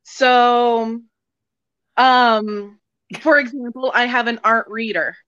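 A woman's voice: a little high, takes it slowly, a bit bright, clear, resonant tone, dry recording. A woman joining a live stream as a guest over a call, giggly and hesitant, with lots of ums. Her audio sounds dull and dry. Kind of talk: casual chat over a call.

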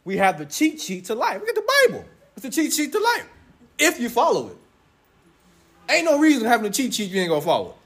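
A young man preaching a sermon to his congregation, loud and playful, joking with them as he goes. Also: very high-pitched, huge pitch swings, fast, husky. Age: young adult.

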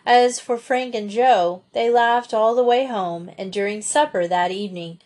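A woman reading a children's adventure book aloud as narrator, steady and expressive. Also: fairly high pitch, a little slow. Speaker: audiobook narrator. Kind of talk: storybook narration.

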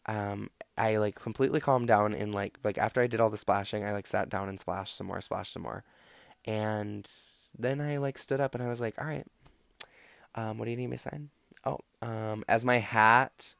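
Rambling, profane young man with gravelly voice. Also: fairly low pitch, no echo. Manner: rambling, profane, lots of "like" fillers. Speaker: podcast host. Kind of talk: casual storytelling monologue.

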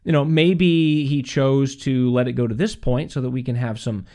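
A man hosting a faith podcast in a preaching style, reading scripture and laughing often between points. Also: medium pitch. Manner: animated, laughs often, repeats phrases for emphasis; reads scripture aloud slowly. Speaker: podcast host.

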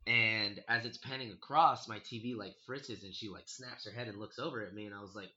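A man's voice: on the low side, brisk, hardly any pauses, muffled recording, a crowd in the background. A young man casually telling a friend a scary story from his past, swearing freely and acting out his own reactions.

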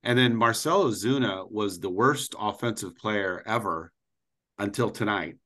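A man co-hosting a podcast, giving a relaxed, matter-of-fact rundown. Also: fairly low pitch, a little slow. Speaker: podcast co-host. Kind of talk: casual baseball chat.

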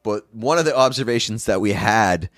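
A podcast host with a lowish, fairly bright voice talks animatedly at a moderate pace. He rambles through casual chat, full of fillers and easy swearing, and the recording is dry with clean studio sound.

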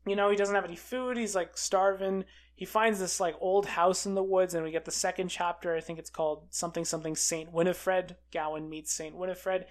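A film reviewer recapping a movie in a casual, excitable way, full of fillers like "uh" and "like". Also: mid-range voice, brisk. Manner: chatty and excitable, with many fillers like "uh" and "like".

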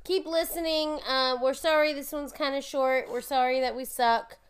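Woman, high voice, teasing, exasperated, casual podcast host. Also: steady tone, moderate pace.

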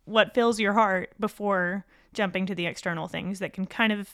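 A woman hosting a podcast, who reflects back on what her guest says in an affirming way full of soft hedges. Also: mid-range voice, steady tone, moderate pace. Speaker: podcast host. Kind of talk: podcast interview.

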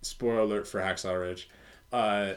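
A man with a fairly low voice talks through a movie with a friend in a loose, casual chat. He gets animated and laughs easily. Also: moderate pace. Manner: animated, jumps into high-pitched impressions when laughing.

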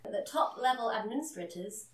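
A woman's voice: fairly high pitch, animated, moderate pace, echoey room. A woman co-hosting a podcast in casual chat, with a dry, sarcastic manner. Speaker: podcast co-host.

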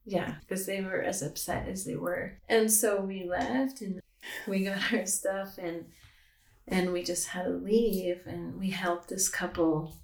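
A woman's voice: fairly low pitch, flat delivery, unhurried, creaky, a little mellow, reverberant. A woman telling a long story in a casual chat, rambling with many fillers. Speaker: guest, pastor's wife.

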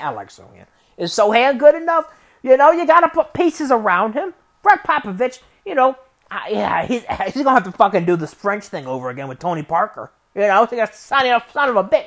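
A man's voice: sits high, very animated, fairly quick, fairly bright tone. A man, a Detroit-area sports fan, rambling through a casual sports rant full of restarts and swearing, growing exasperated. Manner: rambling, frequent restarts and profanity, rising to exasperated. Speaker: sports podcaster.

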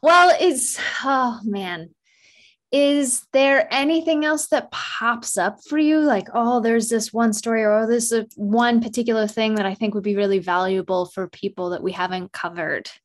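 A woman's voice: on the high side, normal speed. A woman hosting a podcast interview, asking questions and reacting with enthusiasm. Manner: enthusiastic, encouraging listener. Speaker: podcast host. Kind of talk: casual interview chat.

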